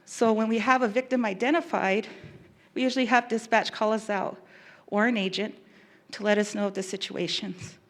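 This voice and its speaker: A woman who works as a victim specialist giving an earnest, emotional talk, pausing and restarting as she goes. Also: mid-range voice, fairly even intonation. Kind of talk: public talk.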